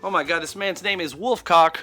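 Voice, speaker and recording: A man's voice: sits high, fairly quick, sharp tone, faint music behind. A man co-hosting a comedic sports betting show, making picks in jokey, crude banter.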